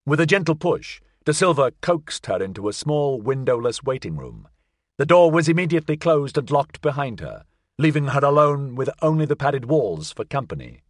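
Measured male audiobook narrator, dry close mic. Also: mid-range voice, sing-song, no echo. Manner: measured storytelling.

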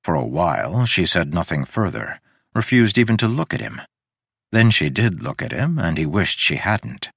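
A man narrating a story in a steady, deliberate audiobook reading. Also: sits low, vocal fry, slightly rough, no echo, clean studio sound. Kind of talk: scripted narration.

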